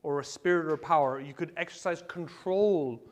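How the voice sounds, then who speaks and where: A male pastor preaching a sermon in a conversational way, with rhetorical questions and sudden bursts of excitement. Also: on the high side, moderate pace. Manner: conversational preaching with asides and fillers.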